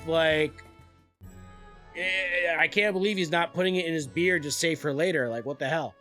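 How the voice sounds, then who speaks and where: A man's voice: fairly high pitch, normal speed, bright, forceful tone, faint music behind. A young man streaming a game live, rambling and joking in casual chat and swearing freely. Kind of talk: casual gaming livestream chat.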